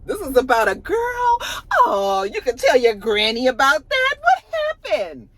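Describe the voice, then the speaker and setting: A woman voicing a sly old grandmother who sweet-talks her grandson, drawing her words out slowly. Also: sits high, huge pitch swings, no echo, exaggerated voice. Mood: coaxing. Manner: sweet-talking, drawn-out, conspiratorial.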